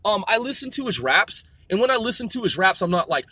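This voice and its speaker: High-voiced man shouting profane freestyle raps. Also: very animated, quick pace, hardly any pauses, slightly rough, no room sound. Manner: loud, profane, shouts rhymes off the cuff. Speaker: podcast host and rapper. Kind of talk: profane freestyle rapping and rambling chat. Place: in a car, driving.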